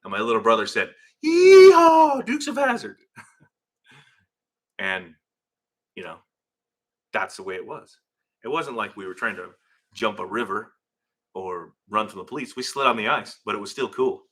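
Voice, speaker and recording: Middle-aged guy rambling on a garage livestream into his phone, lowish voice but sharp and punchy. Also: a little fast, breathy edge. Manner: rambling, chatty, reads comments aloud mid-thought. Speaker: livestream host reading viewer comments. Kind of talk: casual livestream chat. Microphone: phone camera.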